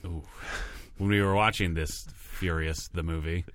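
A man's voice: deep voice, steady tone, measured pace, dry recording, clean studio sound. A man co-hosting a comedy podcast, riffing on bits and laughing often. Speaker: podcast co-host.

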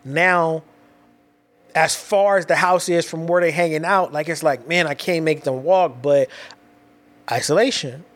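A man with children telling a personal story in casual, animated, slang-heavy talk, often restarting his sentences. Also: fairly high pitch, measured pace. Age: adult with children.

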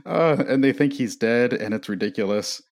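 A man's voice: mid-range voice, darkish tone. Rambling opinionated man on a podcast. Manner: rambling, opinionated, with many fillers. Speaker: podcast co-host. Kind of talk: casual movie commentary podcast.

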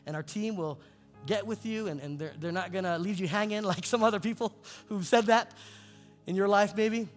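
A male pastor preaching in a church, his delivery swinging between soaring emphatic peaks and hushed low lines. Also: moderate pace. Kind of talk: sermon with altar call. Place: church sanctuary. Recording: long hall reverb with faint music.

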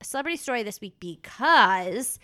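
A woman's voice: fairly high pitch, expressive, moderate pace, bright, forceful tone, no room sound, studio quality. A woman in her late twenties hosting a podcast, chatting in a wry, casual way. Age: 20s. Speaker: podcast host.

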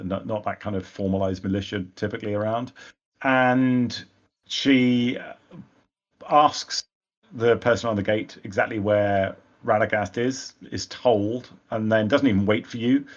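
A man's voice: on the low side, dull audio. A man narrating as game master of a tabletop game, rambling with frequent hesitations.

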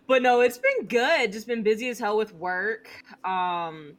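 A woman guest on a podcast, blunt and sarcastic, swearing casually as she chats. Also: on the high side. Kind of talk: casual chat.

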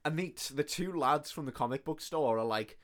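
A man's voice: on the high side, normal speed. A man co-hosting a podcast, recapping a film plot in casual, sweary chat and acting out the characters' lines. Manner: sweary animated retelling with quoted voices. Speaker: podcast co-host.

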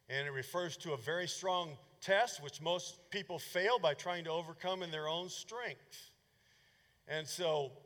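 A male pastor giving a fervent sermon, his voice swinging from loud bursts to hushed asides. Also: on the high side, big-room sound.

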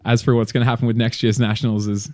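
A man's voice: medium pitch, flat delivery, fast talker, a little mellow, no room sound. A man from Australia with a partly Americanized Australian accent, chatting casually as a podcast guest, rambling and self-mocking. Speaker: guest, skydiver.

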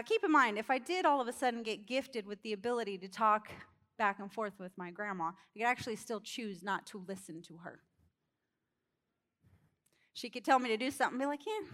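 A woman preaching a sermon in an animated storytelling way, acting out characters and laughing along. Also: a little high.

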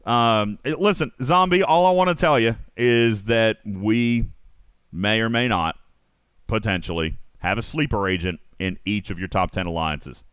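A man's voice: fairly low pitch, a little slow, clear, resonant tone, no echo, clean studio sound. A man hosting a live stream, reading comedic news and joking with friends in a playful, teasing way. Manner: playful, joking, animated, drifts into silly asides. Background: music playing behind.

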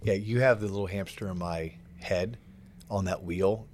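A man's voice: low-pitched, moderate pace, a little mellow, slight background noise. A man hosting a podcast, reflecting on and building on his guest's points in casual chat. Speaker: podcast host. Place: podcast studio set.

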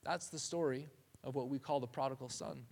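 A man's voice: mid-range voice, fairly quick, vocal fry, darkish tone. A man giving a conversational sermon, often restarting phrases and saying "like". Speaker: preacher.

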